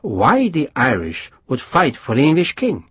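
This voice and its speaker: A male audiobook narrator voicing an earnest, polite young Portuguese officer who keeps asking puzzled questions, in a husky voice. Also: medium pitch, wildly swooping pitch, measured pace, fairly bright tone, no room sound, heavily acted. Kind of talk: audiobook character voice.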